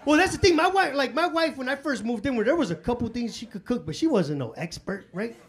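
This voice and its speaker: High-voiced, profane comedian in a loud club. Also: male voice, very animated, fairly quick. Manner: profane, brash, street slang. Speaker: stand-up comedian. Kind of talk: stand-up comedy set. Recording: live club with crowd laughter and noise. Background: audience laughter.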